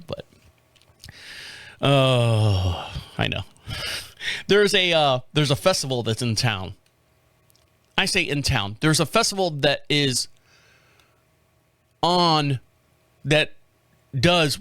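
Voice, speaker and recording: A man's voice: mid-range voice, a bit bright, dry recording. Chatty, cussing man in his fifties. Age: 50s. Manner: chatty, profane, often laughing at his own stories. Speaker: podcast host. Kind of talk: casual rambling storytelling monologue.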